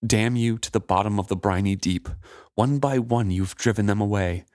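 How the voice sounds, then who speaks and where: A man reading aloud, voicing a bitter female living ship who speaks in a slow, quiet, vicious tone. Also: lowish voice, dry recording, clean studio sound, lightly acted. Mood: quiet fury.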